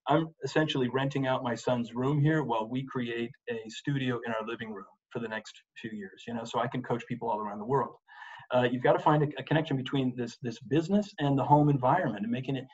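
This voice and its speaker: A man's voice: medium pitch, fairly quick, a little mellow, husky, dull audio. A middle-aged man coaching lawyers in a webinar from his home office, talking with energy and stressing points by repeating "you've gotta". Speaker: advocacy and presentation coach. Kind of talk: webinar presentation. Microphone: desk microphone.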